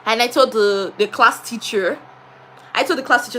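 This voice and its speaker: A woman who teaches diction and etiquette, chatting live and telling a story in an animated way, often laughing. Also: fairly high pitch, normal speed, slight background noise, low-quality recording. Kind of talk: casual live stream chat.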